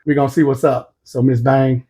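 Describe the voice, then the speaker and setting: A man's voice: medium pitch, flat delivery, a little fast, warm tone, breathy edge. A man in his fifties hosting his own vlog, talking unscripted to the camera in a blunt, plain-spoken way with casual slang. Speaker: vlog host.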